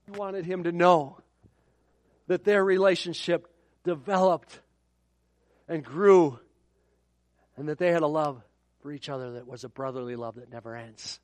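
Man, pastor from Minnesota; sermon storyteller, slightly high voice, dry. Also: a little slow, long pauses, dry recording. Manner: animated storytelling with repeated words and acted-out quotes.

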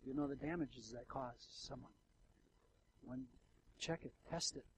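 A man preaching a sermon as the pastor of a church, swinging from hushed, intimate passages to loud, fervent ones, with ironic asides. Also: mid-range voice, measured pace, vocal fry, slight background noise, poor audio. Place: church sanctuary.

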